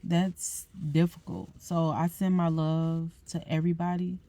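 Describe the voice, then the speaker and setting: A young woman hosting a podcast, speaking tearfully and haltingly in an emotional personal reflection. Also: fairly low pitch, flat delivery, no echo. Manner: tearful, soft-spoken, halting with fillers. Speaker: podcast host.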